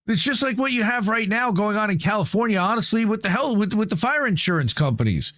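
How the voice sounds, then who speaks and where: Brief: male host, higher-pitched voice, casual profane commentary, reads then riffs, dry close mic. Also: lively intonation, fast, a bit bright, dry recording. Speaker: news show host. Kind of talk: casual commentary reading and reacting to an article.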